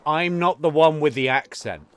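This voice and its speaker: A man's voice: on the high side, moderate pace, clear, resonant tone. Rambling man with an Estuary English accent. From England. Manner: rambling, stumbles and restarts, crude banter. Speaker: podcast co-host. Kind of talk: casual chat.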